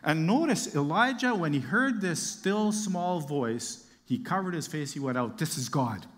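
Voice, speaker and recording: A man's voice: on the high side, lively intonation, measured pace, big-room sound. A man preaching a sermon, reading Bible verses aloud and explaining them with casual asides and light humor.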